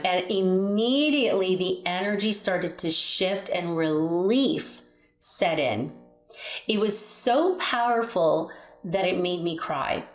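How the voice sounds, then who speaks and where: A woman's voice: lowish voice, slow pace, faint music behind. A woman giving a spiritual guidance talk, speaking earnestly and emphatically and leading listeners through repeated affirmations. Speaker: spiritual teacher. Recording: echoey room.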